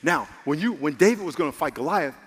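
A man preaching a sermon as a pastor, animated and calling for amens, his voice rising to excited shouts. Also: fairly high pitch, fast, husky. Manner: calls for amens from the congregation. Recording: long hall reverb.

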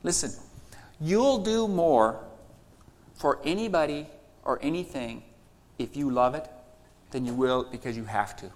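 A man's voice: mid-range voice, normal speed, long reverb tail. A man, older, preaching a sermon with emphatic repetition and quoted voices. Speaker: pastor.

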